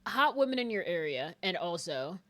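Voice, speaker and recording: Lively young woman streamer, laughing a lot. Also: fairly low pitch, normal speed. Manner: chatty, laughs often, swears casually. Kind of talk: casual live-stream chatter while playing a game.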